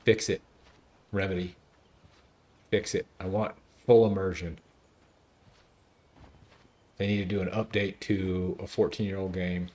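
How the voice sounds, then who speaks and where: A man streaming a video game, chatting casually and joking as he thinks out loud. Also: deep voice, little pitch movement, unhurried, pauses often. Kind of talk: casual gameplay commentary.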